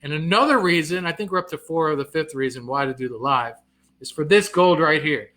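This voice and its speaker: A middle-aged male comedian talking loosely on a live stream, with a bright, forceful voice pitched a little high. He reads comments aloud, answers them and laughs at himself. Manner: self-deprecating, quick to laugh. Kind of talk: casual live-stream chat.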